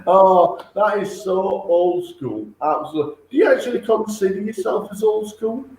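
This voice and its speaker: A man interviewing a poker player in a casual, eager way, quick to laugh. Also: high voice, animated, a little mellow. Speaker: stream interviewer. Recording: echoey room.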